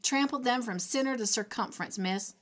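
A woman's voice: a little high, brisk, fairly bright tone, natural voice. A woman voicing a short, fat, bald old farmer who splutters with anger and keeps saying "miss" indignantly. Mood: scornful.

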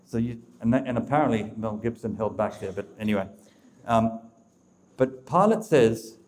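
A man's voice: mid-range voice, moderate pace, a little mellow. Emphatic man preaching to a crowd. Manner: emphatic, repetitive, addresses the audience directly. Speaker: speaker of a religious talk. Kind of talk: preaching talk to a live audience.

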